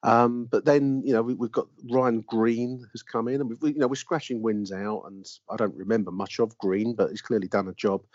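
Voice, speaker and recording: A middle-aged man co-hosting a casual football podcast, chatty and quick to laugh, trailing off into fillers. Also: medium pitch, steady tone, darkish tone, dry recording. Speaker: podcast co-host. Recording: dry, dull lo-fi sound.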